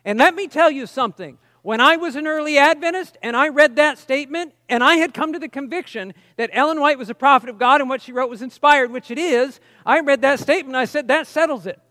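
A man with a very high speaking voice teaches a sermon in a relaxed, conversational way, stopping for asides and reading quotations with emphasis. The voice sounds close and dry, yet a long reverb lingers behind it as in a large hall. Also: fast talker, few pauses. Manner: conversational, explains with asides and reads quotes emphatically. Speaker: preacher.

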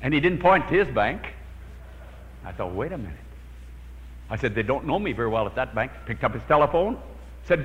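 A man's voice: mid-range voice, very animated, fairly quick, long pauses. A man preaching a sermon, telling a personal prayer story with dramatic storytelling and acting out his own prayers. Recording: lo-fi hall recording with long reverb.

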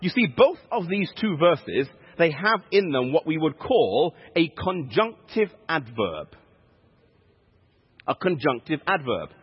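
Emphatic preacher in an echoey hall. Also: male voice, a little high, very animated, slow pace, slightly rough. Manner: teaching, emphatic, repeats key points. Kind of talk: sermon. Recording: echoey hall, dull lo-fi sound.

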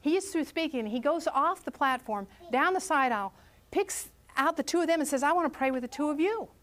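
A high-voiced middle-aged woman speaks to a group about prayer. She tells her story in a lively way and acts out what each person said. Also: a little fast. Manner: animated, acts out quoted voices. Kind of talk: storytelling talk.

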